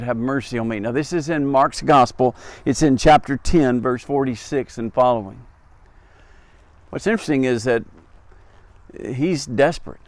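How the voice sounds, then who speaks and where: A middle-aged pastor from Arkansas preaches outdoors, telling the story with earnest conviction. He often sinks into a quieter, intense voice to press a point home. His voice sits at a middle pitch, and the sound is dry and close. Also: dry recording. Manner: earnest storytelling, drops to soft intense tones for emphasis. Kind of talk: devotional sermon. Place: outdoors by a busy road.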